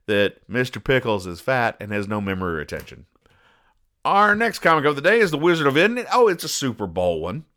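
A man hosting a comedy show, reading comic strips aloud and explaining the jokes in a wry, deadpan way. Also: mid-range voice, fairly quick. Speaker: host.

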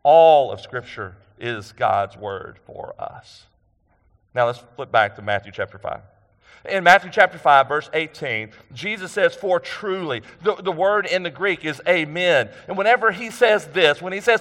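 A man's voice: a little high, expressive, measured pace, fairly bright tone. Preaching man in a reverberant hall. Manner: conversational preaching with rhetorical questions and repetition. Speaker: pastor. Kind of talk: sermon.

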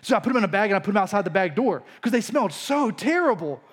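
A man's voice: high-pitched, sing-song, fast, husky. A man preaching a casual teaching sermon. He explains scripture in an easy, conversational way and drifts into personal stories. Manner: casual teaching tone with frequent restarts and storytelling asides. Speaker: pastor.

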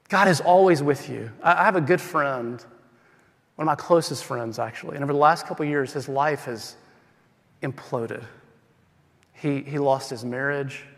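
A man preaching a sermon as pastor, swinging from loud emphatic lines to quiet, slow, intimate passages. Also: on the high side. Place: church sanctuary. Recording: hall with long reverb.

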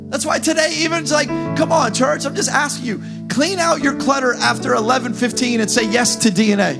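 A man preaching a sermon as pastor, talking the crowd through points and rising into fervent, shouted calls. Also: very high voice, a little fast, vocal fry, few pauses, music in the background.

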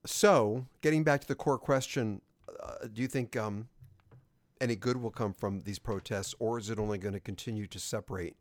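A man co-hosting a podcast who asks measured, questioning prompts in a casual discussion. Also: lowish voice, dry recording. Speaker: podcast co-host.

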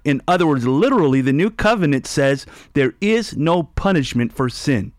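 A man's voice: on the high side, animated, normal speed, hardly any pauses, dry recording, studio quality. A man hosting a radio Bible teaching show with callers, speaking emphatically and repeating key phrases for stress.

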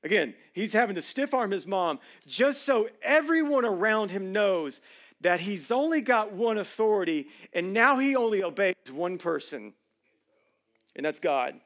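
A high-pitched man preaches from a church stage. His sermon is conversational and full of jokes, and his voice swings between loud emphasis and quiet asides. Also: animated, a little slow. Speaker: pastor.

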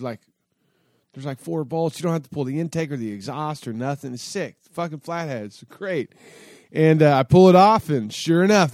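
A man telling a story in a loose, rambling way, swearing constantly and backtracking mid-sentence. His voice sits at an ordinary middle pitch. The sound is close and dry with no room around it. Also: a little mellow, no room sound. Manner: rambling, profane, full of fillers and restarts. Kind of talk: casual spoken anecdote.

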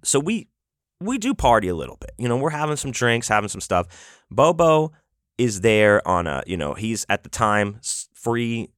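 A man's voice: mid-range voice, sing-song, normal speed, fairly bright tone, no echo, studio quality. A man hosting a podcast, telling a road story in a rambling, profane, casual way with lots of fillers and restarts. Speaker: podcast host.

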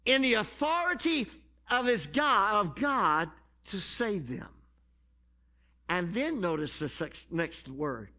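A man preaching a sermon, stretching key phrases and building up to shouted passages. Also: high-pitched. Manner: drawn-out emphatic phrasing.

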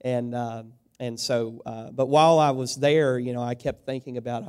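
A man's voice: mid-range voice, fairly even intonation, normal speed, a little mellow, clean tone. A man, a pastor, telling corny jokes at the start of a sermon in a folksy, chatty way with many fillers. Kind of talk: joke-telling sermon opening.

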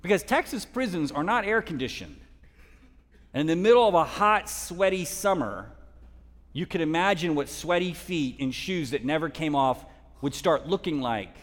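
A man preaching a sermon as a guest speaker, telling a story in a dynamic way that drops to hushed tones and rises for emphasis. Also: fairly high pitch, big-room sound. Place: church hall.

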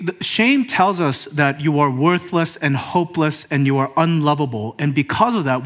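Pastor, male, slightly high-pitched, preaching with pauses and building emphasis. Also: a bit bright. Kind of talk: sermon.

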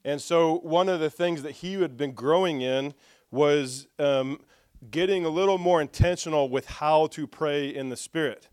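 A man with a slightly high, smooth and resonant voice preaches in a lively storytelling style. He acts out conversations, slips in jokes and addresses his listeners directly. The sound is dry and close. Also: normal speed, no echo. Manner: lively storyteller who acts out dialogue with humor. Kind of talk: storytelling sermon.

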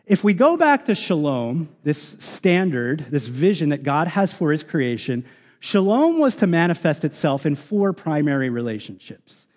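A man's voice: fairly high pitch, big pitch swings, moderate pace, darkish tone. A man, a pastor, preaching a sermon, earnestly reading out scripture verses with frequent ums. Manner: earnest, reads scripture aloud with many ums. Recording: long reverb of a large hall.

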